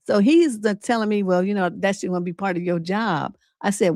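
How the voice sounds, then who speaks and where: A woman's voice: mid-range voice, brisk, dry recording, studio quality. Sassy woman telling a story. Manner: animated, sassy storytelling with acted-out quotes and swearing. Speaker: relationship coach and livestream host. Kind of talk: casual storytelling on a livestream.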